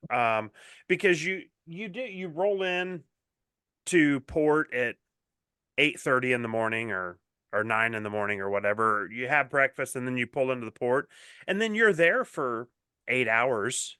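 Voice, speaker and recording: A man co-hosting a podcast, telling stories in a relaxed, self-mocking way. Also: medium pitch, measured pace, smooth, no echo, clean studio sound. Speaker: podcast co-host. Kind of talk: casual chat.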